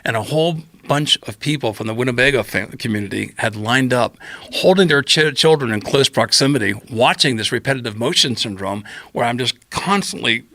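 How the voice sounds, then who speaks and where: A man with a gravelly, creaky edge and a bright, forceful tone tells a personal story as a podcast guest. He talks in an animated, rambling way, jumps into tangents and acts out what he said back then. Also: medium pitch, fairly quick, dry recording. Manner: acts out his own quoted remarks, tangential and repetitive.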